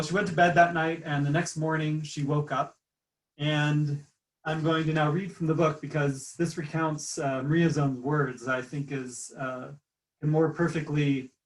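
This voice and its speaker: A man's voice: fairly high pitch, flat delivery, normal speed. A man telling a story at an easy pace, using fillers like "uh" and "you know", and at times reading aloud from a book. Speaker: guest speaker. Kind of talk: storytelling lecture. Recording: roomy sound from a distant mic.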